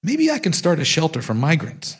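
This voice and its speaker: A man's voice: fairly high pitch, huge pitch swings, fairly quick, breathy edge, pitched above the performer's own voice, heavily acted. A man doing a brash street-tough smuggler. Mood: earnest. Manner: slangy street talk, boastful. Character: brash tough male gang smuggler, joking.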